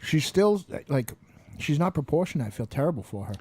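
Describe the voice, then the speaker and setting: A man's voice: fairly high pitch, sing-song, fairly quick, warm tone, slightly rough, no room sound. A man co-hosting a podcast, rambling crude jokes in casual chat. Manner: crude, silly joking, rambling with like. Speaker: podcast co-host.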